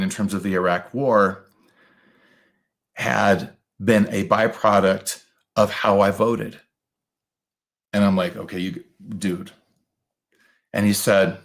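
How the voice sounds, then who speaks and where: A man telling a personal story in a reflective monologue, with many pauses, fillers and restarts. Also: lowish voice. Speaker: astrologer host.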